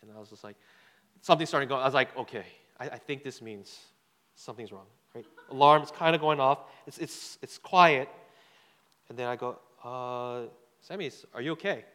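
A man's voice: medium pitch, moderate pace, sharp tone, clean tone. A man giving a sermon with a personal story, talking loosely and conversationally, repeating words and asking the crowd "right?" as he goes. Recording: long hall reverb.

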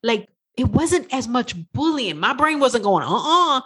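Woman life coach, husky and higher-pitched, lively swooping delivery, swears freely while acting out her inner voice. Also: unhurried. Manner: animated, profane, acts out her inner voice. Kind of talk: podcast monologue.

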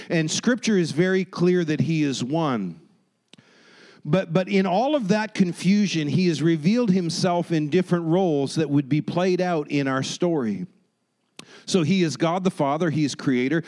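A man's voice: on the high side, darkish tone, low-quality recording. A man preaching a sermon, talking emphatically and often checking in with "right?" and "amen?". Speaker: pastor.

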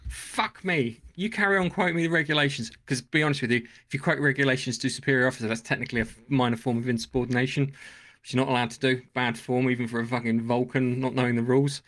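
A man co-hosting a casual podcast chat, animated and swearing as he acts out scenes. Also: mid-range voice, rapid-fire. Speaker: podcast co-host.

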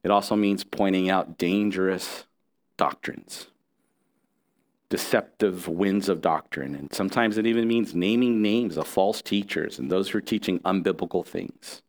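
A man's voice: low-pitched, moderate pace. A middle-aged man preaching a sermon as pastor, earnest and conversational, with restarts and asides to the congregation.

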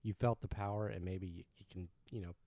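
A man's voice: sits low, steady tone, brisk, mellow. A man in a casual film chat, adding brief, dry remarks. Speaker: podcast co-host. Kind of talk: casual movie review chat.

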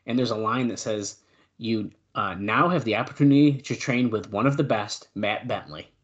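A male podcast co-host in casual chat, reading out old news notes and adding quick asides. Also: fairly low pitch, a bit bright, dull audio.

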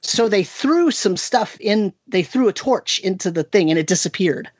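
A game master chatting casually about a tabletop session. The voice sits at a middle pitch, and the talk rambles with restarts and tag questions. The recording sounds dull and lo-fi, with a dry, close room. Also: animated, normal speed, slightly rough, no room sound. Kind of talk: casual podcast chat.

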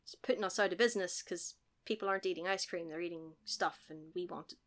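A woman putting on a disgruntled male ice cream executive, muttering low. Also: fast talker, natural voice. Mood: grumbling.

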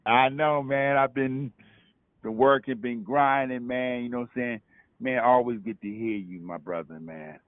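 A caller from Brooklyn shares a testimony casually over a dry, tinny phone line, stammering into restarts and saying "you know what I'm saying" a lot. His voice is mid-range at normal speed, with no room sound.

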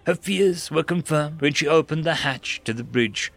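A man's voice: a little high, moderate pace, vocal fry, dry recording, faint music behind. A man narrating a science fiction story dramatically, rising and dropping his voice for effect. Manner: expressive, rises and drops for drama.

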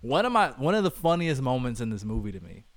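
A man co-hosting a casual movie review podcast, talking in an animated way, laughing often and acting out lines from scenes. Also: medium pitch, fast, no room sound. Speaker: podcast co-host.

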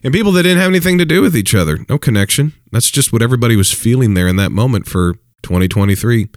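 A man's voice: mid-range voice, animated, fast, no room sound, studio quality. A man preaching dating advice in a casual talk, emphatic and repetitive, chuckling between points.

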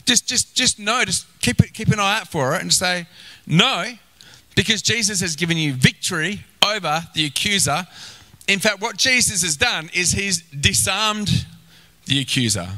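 Male pastor, sermon delivery, higher voice, very bright and forceful. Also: normal speed, low-quality recording. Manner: animated, acts out inner voices, exclaims.

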